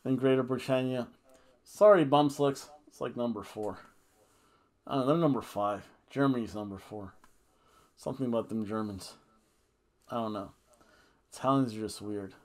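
A man with a medium-pitched voice co-hosts a podcast, reviewing a wrestling show at a moderate pace with long pauses. He's a little tipsy on red wine, rambling and joking casually, and now and then bursts into goofy singing and chants.

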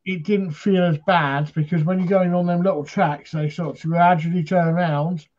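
A man's voice: high-pitched, steady tone, normal speed, a little mellow, dull audio. A man from Britain hosting a paranormal chat show, telling stories in a rambling, casual way with lots of fillers.

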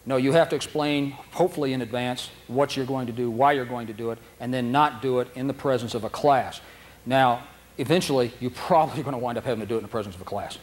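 A man leads a dog training seminar, mid-pitched and conversational. He tells anecdotes, laughs often and acts out dogs and handlers as he teaches. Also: quick pace, a little hiss or hum. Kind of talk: seminar lecture.

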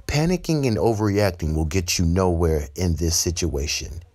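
A man's voice: low-pitched, expressive, normal speed, darkish tone. A man playing a stern, bossy young class leader. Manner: lecturing, bossy.

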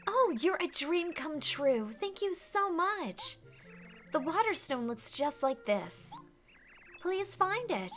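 A woman's voice: very high-pitched, very animated, slow, a bit bright, soft background music, voice pushed up, exaggerated voice. A woman voicing a dramatic, vain young female flower spirit, gushing and melodramatic as she reads game dialogue aloud. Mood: grateful.

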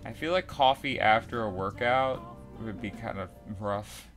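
A man's voice: fairly low pitch, a little slow, a bit bright. Brief: casual male let's play host, loose and talkative, game music behind. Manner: chatty, uses 'like' a lot, laughs easily. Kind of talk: casual gameplay chat.

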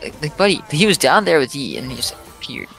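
A man calling out plays while gaming, reacting quickly and repeating himself in the heat of the moment. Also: a little high, huge pitch swings, creaky, fairly bright tone, husky, soft background music. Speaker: gaming streamer. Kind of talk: excited gameplay chat.

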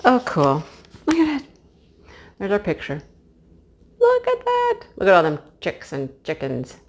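A woman chatting casually to her viewers as she unboxes a craft kit, gushing with excitement. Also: low voice, normal speed. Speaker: craft vlogger.

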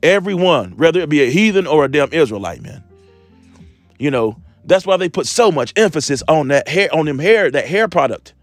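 A man's voice: a little high, very animated, no room sound, faint music behind. Profane rambling preacher man, close and dry. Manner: reads scripture slowly and deliberately. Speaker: street preacher. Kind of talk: informal sermon commentary.

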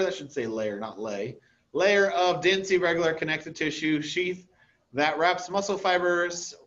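A man giving a recorded anatomy lecture over slides in a relaxed, conversational way, often checking in with "okay?". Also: mid-range voice, dull audio. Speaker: anatomy instructor.

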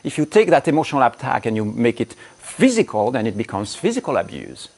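A man giving blunt relationship coaching straight to camera, cursing and speaking with strong emphasis. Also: mid-range voice. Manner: blunt, emphatic, swears freely, acts out angry quotes. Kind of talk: direct-to-camera coaching talk.

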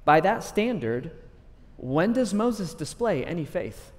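A man preaching a sermon in an energetic, conversational way, acting out scripture stories. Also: high-pitched, slow, big-room sound. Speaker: pastor.

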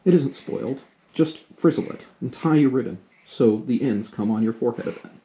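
A man's voice: mid-range voice, a little fast, mellow, lo-fi sound, lightly acted. A man voicing Amy, a prim young girl comforting her sister in a storybook read-aloud. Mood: consoling.

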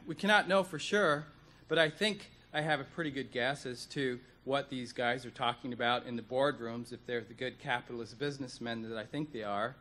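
A man delivers a conference speech in a bright, forward voice at a middle pitch. He talks earnestly and deliberately, repeating key words to drive his points home. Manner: earnest, deliberate lecturing with emphatic repetitions. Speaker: economist speaker. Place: conference hall.

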